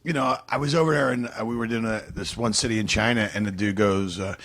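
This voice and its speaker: Husky man rambling through road stories. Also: fairly low pitch, fairly even intonation, fast, a bit bright. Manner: rambling, meandering storyteller. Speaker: guest comedian. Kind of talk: casual podcast chat.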